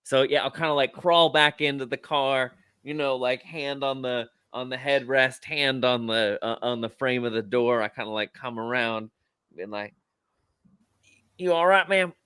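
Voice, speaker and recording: A man's voice: medium pitch, level tone, moderate pace, bright, forceful tone, clear, resonant tone, dry recording, clean studio sound. A man playing a tabletop game, talking hesitantly with many fillers. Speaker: player.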